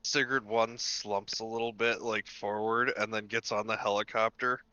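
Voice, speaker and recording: Smooth-voiced man in playful table banter. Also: lowish voice, flat delivery, moderate pace, bright, forceful tone, dry recording, dull audio. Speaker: player. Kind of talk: casual tabletop game play.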